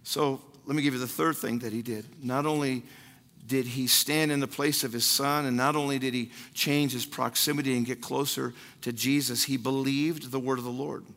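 A man's voice: medium pitch, steady tone, normal speed, fairly bright tone. A man preaching a sermon as pastor. He speaks emphatically, repeats key phrases, and acts out prayers and other people's words. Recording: long hall reverb.

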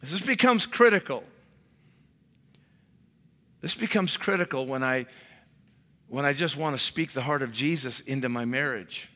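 A man preaching a sermon as a pastor, animated and expressive, sometimes dropping to a whisper to make a point. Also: mid-range voice, measured pace, pauses often, in a large hall.

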